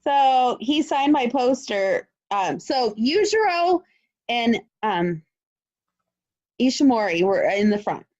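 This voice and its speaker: A woman co-hosting a podcast in casual chat, telling stories with excitement, acting out quotes and swearing freely. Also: a little high, slow, no room sound, dull audio. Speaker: podcast co-host.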